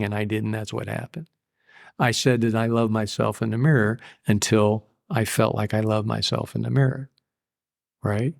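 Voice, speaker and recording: A man's voice: lowish voice, fairly even intonation, moderate pace, gravelly. An older man in a candid interview about his recovery, blunt and profane, telling stories plainly. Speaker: guest.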